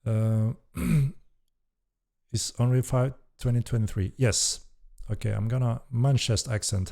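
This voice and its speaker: A man with a creaky, mid-range voice speaks slowly while hosting a casual live-stream Q&A as a game developer. He reads chat questions aloud in a relaxed, hesitant way, dropping casual swears.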